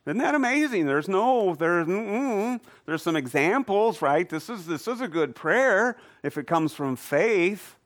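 Animated man teaching a Bible class. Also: high-pitched, measured pace, few pauses. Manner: animated, quizzes the audience. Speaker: church teacher. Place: room with a live audience.

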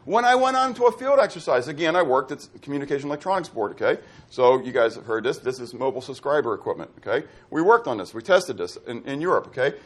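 A man's voice: mid-range voice, lively intonation, fast. A middle-aged man from Pittsburgh preaching a sermon as pastor, quizzing his congregation with fill-in-the-blank questions. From Pittsburgh, USA.

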